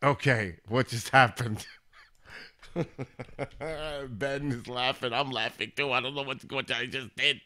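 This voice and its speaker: A man's voice: mid-range voice, slow pace, bright, forceful tone. Male stream host, mid-range voice, loose rambling chat aimed at viewers. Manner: chatty, talks straight to viewers in chat. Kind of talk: casual live-stream chat.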